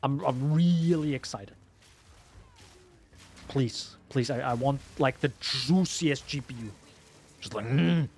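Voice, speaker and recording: A man's voice: mid-range voice, slow, pauses often, darkish tone, a little hiss or hum. A man streaming a video game, rambling casually to his viewers as he plays. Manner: rambling, chatty, talks to viewers. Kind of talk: live gameplay commentary.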